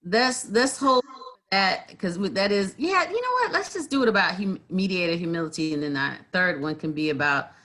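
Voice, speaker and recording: A woman co-hosting a livestream as a community mediator, chatting casually and telling stories with animated acted-out quotes over a video call. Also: fairly low pitch, normal speed. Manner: animated storyteller, acts out quotes, many fillers. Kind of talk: casual conversational chat.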